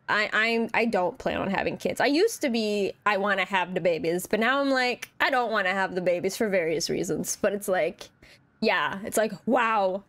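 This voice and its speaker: A young woman game streamer with a slightly high voice, chatting casually as she plays. She reads the story text aloud and breaks into animated, rambling asides full of restarts. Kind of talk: casual gameplay commentary and reading aloud.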